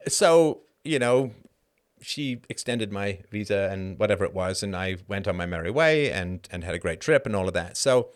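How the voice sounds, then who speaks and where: A middle-aged man hosting a live show, answering chat questions in an animated monologue that keeps tossing in a rhetorical "right?". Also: lowish voice, normal speed. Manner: animated, frequent rhetorical "right?", laughs mid-sentence. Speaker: host.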